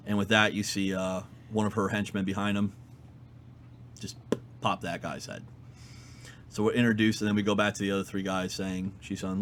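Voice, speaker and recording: Man, deep voice, casual comic recap, filler words, slight noise. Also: brisk. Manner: animated retelling, fillers, quotes characters in his own voice. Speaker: podcast co-host reviewing comics. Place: comic shop.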